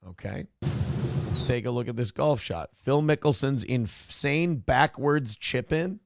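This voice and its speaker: A man's voice: mid-range voice, animated, measured pace, vocal fry, slight background noise. A man co-hosting a casual morning talk show, teasing his co-host and reading viewer comments aloud. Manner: teasing, joking, reads chat comments aloud.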